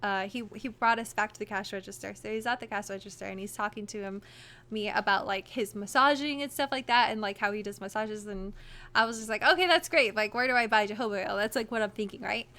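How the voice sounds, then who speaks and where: A young woman vlogging, telling a story to her camera in a chatty, animated way full of "like" fillers. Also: mid-range voice, brisk. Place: home room, wearing a costume.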